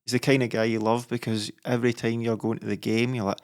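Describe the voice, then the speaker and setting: A man's voice: medium pitch, level tone, fast talker. A man with a Scottish accent, co-hosting a football podcast and talking with a fan's enthusiasm. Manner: enthusiastic fan talk. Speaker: podcast co-host. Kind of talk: casual football chat.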